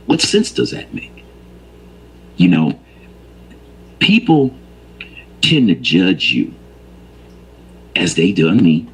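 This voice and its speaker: A man's voice: fairly low pitch, a bit bright, husky, rough recording. An older man telling stories and ranting in a casual, profane, emphatic way. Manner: profane, emphatic, rises to heated preaching. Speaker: storyteller. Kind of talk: casual storytelling rant.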